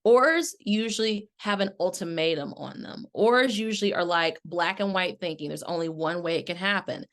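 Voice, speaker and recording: A woman's voice: lowish voice, moderate pace. A middle-aged woman, a life coach hosting her podcast, telling a story and coaching her listeners in a casual, conversational way. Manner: conversational, addresses listeners directly as y'all. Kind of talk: casual chat.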